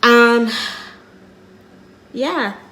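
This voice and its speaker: A middle-aged woman vlogging casually, rambling and repeating herself as she tells a personal story in an earnest, quiet way. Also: a little high, extremely slow, slight background noise.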